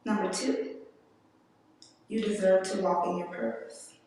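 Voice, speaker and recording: A woman giving an earnest, emotional personal testimony to a conference audience, speaking slowly with long pauses. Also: mid-range voice, dark tone, a little hiss or hum. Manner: slow, deliberate delivery with long pauses. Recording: echoey hall, distant mic.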